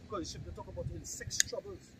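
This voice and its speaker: A man with a Trinidadian accent preaching on a city street, reading scripture slowly and loudly, then explaining it in casual talk. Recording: distant mic, loud street noise.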